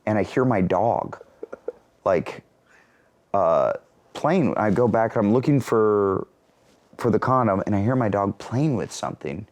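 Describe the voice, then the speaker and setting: Comedian guy telling funny stories, lowish voice that jumps all over. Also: unhurried, long pauses. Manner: animated, comic storyteller. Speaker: guest, actor and comedian. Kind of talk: storytelling in an interview.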